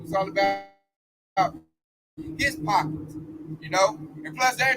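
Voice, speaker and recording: Male street preacher, high bright voice, animated slangy delivery, faint noise behind. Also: brisk. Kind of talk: street sermon.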